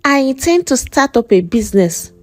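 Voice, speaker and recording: A woman's voice: sits high, sing-song, moderate pace, no echo, studio quality, pitched above the performer's own voice. A woman voicing an earnest twenty-year-old young man pleading to be accepted as a suitor.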